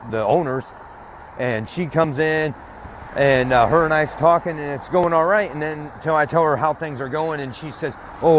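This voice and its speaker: A man's voice: on the high side, background noise. Rambling aggrieved man outdoors. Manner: rambling, aggrieved storytelling with cursing. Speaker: vlogger. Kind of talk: casual talk while walking outdoors. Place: outdoors by a street with passing vehicles.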